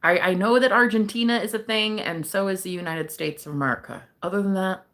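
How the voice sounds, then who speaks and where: A woman's voice: medium pitch, a little fast, fairly bright tone. A young woman hosting a casual livestream as a psychic reader. She chats with viewers, laughs often and swears casually.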